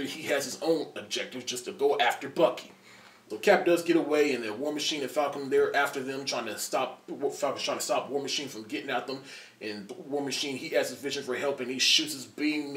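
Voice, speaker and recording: Young man, movie reviewer, rambling and excited, stumbles and restarts, roomy sound, set back from the mic. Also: mid-range voice, slight background noise. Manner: excited and rambling, many restarts, laughs a lot. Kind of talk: casual spoiler review. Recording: roomy echo, distant from the mic.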